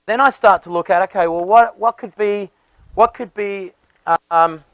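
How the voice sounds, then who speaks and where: A man's voice: high voice, moderate pace, a bit bright, no room sound, rough recording. A man, a landscape designer, explaining garden design with enthusiasm and often restarting his phrases.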